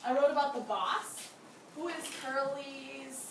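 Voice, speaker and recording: Woman teacher, high voice, encouraging, asks lots of questions, echoey classroom heard from far off, background noise. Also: slow, vocal fry. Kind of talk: classroom lesson.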